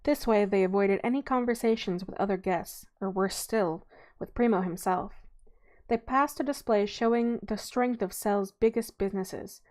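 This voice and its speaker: A woman's voice: medium pitch, normal speed, a little mellow. A young adult woman reading a novel aloud in an informal way, often stumbling and correcting herself.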